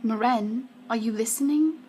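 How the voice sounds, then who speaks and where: A woman's voice: fairly high pitch, normal speed, slight background noise, close to an everyday voice. A woman voicing an eager, chatty young female friend who calls across the room and insists.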